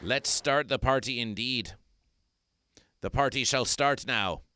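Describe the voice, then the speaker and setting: A man with a bright, crisp voice delivers mock-solemn proclamations, repeating lines with grandiose weight. He hosts an absurd comedy stream. The sound is dry and close. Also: medium pitch, slow pace, dry recording, some chatter behind. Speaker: comedy performer. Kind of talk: absurdist livestream chat.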